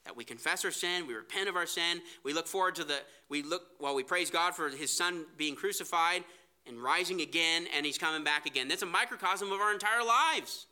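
A man's voice: fairly high pitch, a little fast, sharp tone. A man preaching a sermon, earnest, reading scripture aloud. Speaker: pastor.

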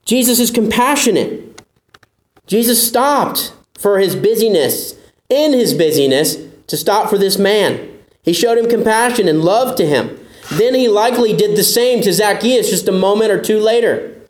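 Emphatic high-voiced male preacher. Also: animated, normal speed, roomy sound. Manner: earnest, emphatic preaching that acts out quoted doubters in a higher voice. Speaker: pastor. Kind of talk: sermon.

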